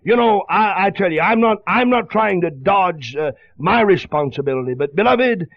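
A man's voice: high voice, animated, normal speed, vocal fry, dry recording. A man preaching an impassioned, pleading sermon, on a dull lo-fi radio broadcast.

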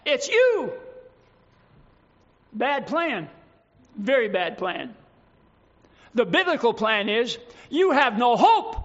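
High-voiced preacher in a reverberant hall. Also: male voice, fairly bright tone. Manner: preaching with rhetorical questions, slow emphatic scripture reading. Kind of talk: sermon. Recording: dull reverberant hall recording.

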